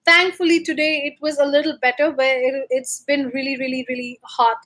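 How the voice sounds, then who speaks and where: A woman's voice: sits high, flat delivery, brisk. A woman from India, hosting a casual livestream from her room at home and reading viewer comments in a chatty, upbeat way with frequent ums and uhs.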